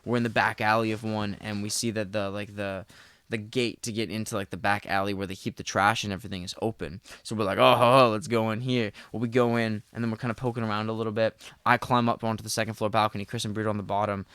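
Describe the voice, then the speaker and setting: A young man with a fairly low, smooth and clear voice, recorded dry and close. He tells animated stories as a podcast guest, peppered with "like" and casual swearing. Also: fast, dry recording. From Philadelphia area. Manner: animated, swears freely, lots of "like". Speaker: podcast guest, parkour athlete. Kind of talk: casual storytelling chat.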